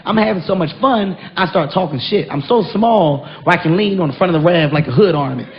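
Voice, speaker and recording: A man doing stand-up comedy, telling a story with an animated, punchy delivery and shouted punchlines. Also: high voice, fairly quick, creaky. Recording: dull, noisy live stage recording.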